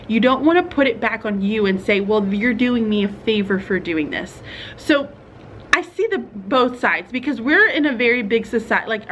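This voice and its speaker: A young woman teacher, chatting casually to other teachers in a vlog and thinking out loud with fillers and small laughs. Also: mid-range voice, a little hiss or hum.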